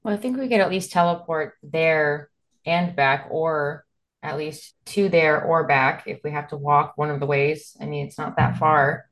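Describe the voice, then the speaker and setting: Low-voiced woman playing a tabletop game. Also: moderate pace, fairly bright tone. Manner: thinks aloud with fillers and restarts. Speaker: player.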